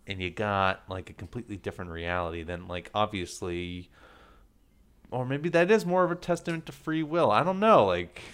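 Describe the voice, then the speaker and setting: A man with a very deep voice co-hosting a casual podcast, musing aloud in a rambling, hesitant way full of fillers. His tone is smooth and clear. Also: animated, normal speed. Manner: rambling, hesitant, many fillers like "like" and "you know". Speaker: podcast co-host.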